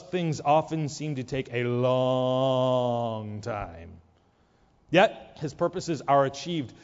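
Emphatic male preacher in echoing hall. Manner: emphatic, acts out whiny prayers in a mocking high voice. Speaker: pastor. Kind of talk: sermon. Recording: dull lo-fi sound with long hall reverb.

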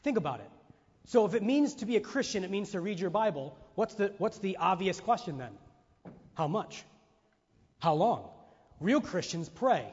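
Animated high-voiced male preacher, husky. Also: normal speed. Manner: animated preaching, acts out quoted voices, rhetorical questions. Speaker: pastor. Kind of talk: sermon. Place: church sanctuary. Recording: muffled sound in a reverberant hall.

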